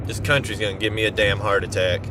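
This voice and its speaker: A man's voice: on the low side, little pitch movement, fast, noisy background. A man ranting in an exasperated, sarcastic way in an opinion vlog. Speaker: vlogger. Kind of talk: opinion rant to camera.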